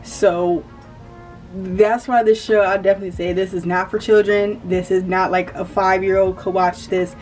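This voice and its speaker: A woman's voice: medium pitch, flat delivery, normal speed, a little mellow, recorded from a distance. A woman with a slight country accent talking casually to camera as a YouTuber, chatty and rambling, often correcting herself. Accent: Southern US country. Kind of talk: casual commentary vlog. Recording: voice a bit off-mic with faint music.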